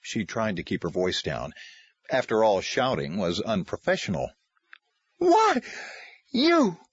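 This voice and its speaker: Male audiobook narrator, husky, lively pitch, dry slightly muffled recording. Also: normal speed, no room sound. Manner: expressive, varied delivery.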